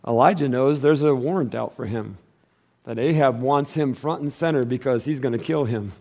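A male pastor preaching a sermon in a casual, conversational way, using slang, and swinging between loud, emphatic stretches and quiet, low passages. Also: normal speed.

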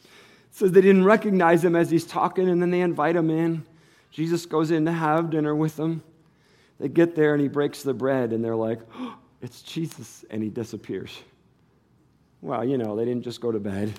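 A man's voice: fairly even intonation, normal speed. A man preaching a sermon, retelling the passage like a story and acting out what the people said. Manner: swings from low and quiet to loud and high. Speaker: pastor.

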